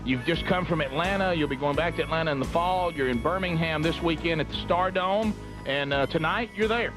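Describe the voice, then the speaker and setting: An upbeat, joking radio host with a high voice, introducing a guest. Loud music plays under him throughout. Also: male voice, a little fast. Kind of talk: casual radio chat.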